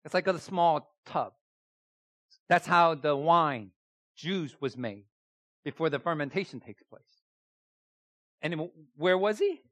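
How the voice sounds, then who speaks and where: A man's voice: a little high, animated, slow pace, long pauses, a bit bright, no room sound. A man preaching a sermon, emphatic and repeating key phrases, often putting rhetorical questions to his listeners. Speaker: pastor.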